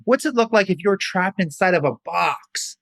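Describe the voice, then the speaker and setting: A man's voice: sits high, animated, normal speed, gravelly, a bit bright. A man leading a children's yoga storytime, playful and encouraging, with little sound effects along the way. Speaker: kids' yoga instructor.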